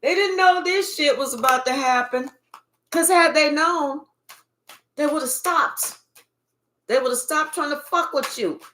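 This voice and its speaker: A woman's voice: sits high, a little slow, pauses often, bright, forceful tone. A woman giving a spiritual reading in an emphatic, profane, repetitive way. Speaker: tarot reader.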